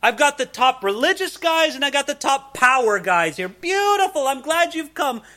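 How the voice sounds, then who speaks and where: Preacher guy doing a fired-up prophet yelling at the big shots, high and bright. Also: sing-song, moderate pace, full character voice. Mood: mock welcome. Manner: shouting, mocking. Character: fiery male desert prophet scolding leaders.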